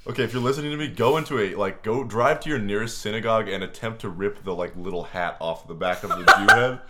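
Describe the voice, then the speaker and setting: Low-voiced man rambling in casual chat. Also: fast talker, bright, forceful tone, a little hiss or hum. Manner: rambling, filler-heavy, often laughing. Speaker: podcast co-host.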